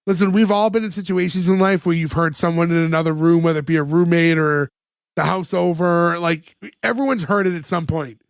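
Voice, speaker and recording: A man co-hosting a podcast, retelling sitcom scenes in casual chat, full of "like" fillers and quick laughs. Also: on the high side, fairly even intonation, clean tone, dry recording, studio quality. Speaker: podcast co-host.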